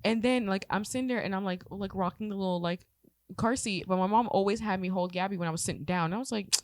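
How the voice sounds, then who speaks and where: Animated young woman storyteller, dry mic. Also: mid-range voice, fast, no room sound. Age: 20s. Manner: lively storyteller, acts out quotes, swears, laughs often. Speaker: podcast co-host. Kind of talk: casual chat.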